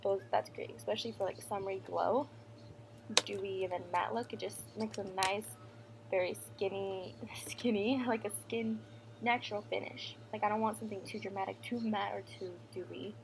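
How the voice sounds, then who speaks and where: A woman's voice: mid-range voice, fairly even intonation, fairly quick, gravelly, noisy background. A young woman chatting casually as she talks through her makeup routine, her speech full of "like" and loose asides. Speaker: beauty vlogger. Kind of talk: casual makeup voice-over chat.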